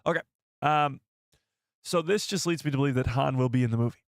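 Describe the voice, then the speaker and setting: A man hosting a casual live stream and chatting with viewers, with a hoarse voice that is almost gone. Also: medium pitch, brisk, no echo, clean studio sound. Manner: laughing fits, excitable, chatty with viewers. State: losing his voice. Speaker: YouTube livestream host. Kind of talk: casual livestream chat.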